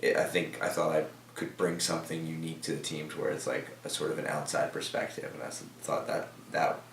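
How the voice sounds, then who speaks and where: This young team member speaks in a brisk, gravelly bass with little pitch movement during a casual office interview, rambling with many fillers and restarts. He's captured from a distance in an echoey room, with a faint hiss or hum.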